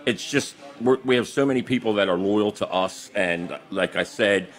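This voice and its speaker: A man who owns a restaurant, guesting on a radio show, earnest and halting, with many "uh" fillers. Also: on the low side, soft background music. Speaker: restaurant owner. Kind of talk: casual radio interview.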